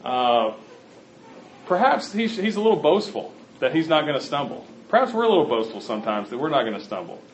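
This man is preaching a sermon, speaking conversationally and directly to his congregation. His slightly high voice is very animated and brisk. The recording is roomy and a bit muffled, with slight background noise.

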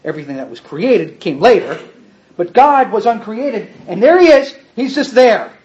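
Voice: medium pitch, very animated, moderate pace, darkish tone, highs cut off. A preacher giving a sermon with slides, speaking to the congregation in a folksy way and pointing at the pictures while explaining.

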